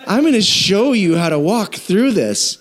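A preacher acting out Offense, a pushy male tempter, coaxing and bossy. The voice jumps up in pitch as it pushes harder. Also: sing-song, unhurried.

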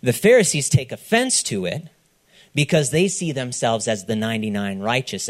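Male pastor, mid-pitched, animated storyteller who acts out each character and checks in with the congregation. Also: normal speed. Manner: checks in with the audience, "okay?". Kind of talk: sermon.

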